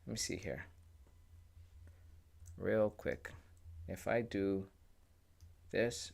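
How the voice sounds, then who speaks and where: Man, livestream host, casual and slangy, joking, reads chat aloud. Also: lowish voice.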